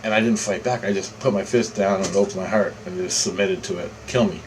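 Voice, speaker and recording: A man's voice: low voice, steady tone, a little fast, slight background noise, poor audio. A man telling a story in a casual, rambling way, repeating himself and swearing freely. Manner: rambling, repetitive, profane. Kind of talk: casual first-person storytelling.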